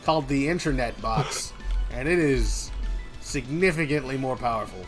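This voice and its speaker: A man's voice: mid-range voice, normal speed, faint music behind. A man on a game developer's stream, chatting casually and goofing around in silly voices. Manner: goofy, rambling, slips into silly put-on voices.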